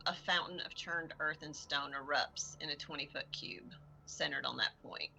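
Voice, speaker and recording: A woman's voice: sits low, normal speed, creaky, pushed and bright, slight background noise. A woman playing a tabletop game, hesitant and full of fillers, often laughing at herself. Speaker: player.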